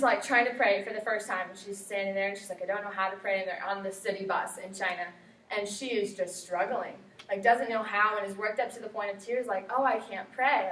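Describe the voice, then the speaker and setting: A woman's voice: medium pitch, a bit bright. A young woman giving a chatty classroom presentation, with lots of fillers and quotes she acts out. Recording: echoey room from far off, faint hiss.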